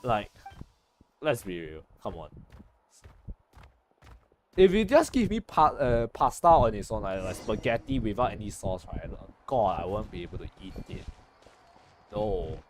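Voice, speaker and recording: Rambling, lively young man. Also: lowish voice, measured pace, pauses often, slight background noise. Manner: rambling, joking, self-correcting with many restarts. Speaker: gaming streamer. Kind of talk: casual gameplay chat.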